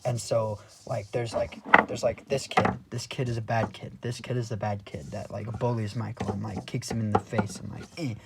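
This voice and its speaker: A man's voice: lowish voice, little pitch movement, normal speed, vocal fry, hardly any pauses, very noisy. A man narrating a rambling comedic movie recap, restarting often and stringing events together with fillers.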